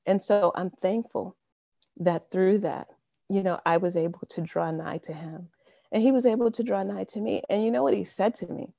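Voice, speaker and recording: Gravelly, earnest woman in her fifties. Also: medium pitch, moderate pace, mellow, no echo. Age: 50s. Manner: earnest and conversational, often saying "you know". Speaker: speaker sharing a testimony. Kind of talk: personal faith testimony. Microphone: video call.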